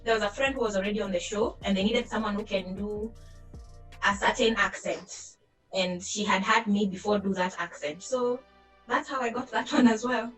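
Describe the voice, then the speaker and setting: A woman's voice: medium pitch, normal speed, a bit bright, soft background music, rough recording. A young Kenyan woman on a panel, telling her career story openly and laughing easily. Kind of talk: online panel discussion. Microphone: video call.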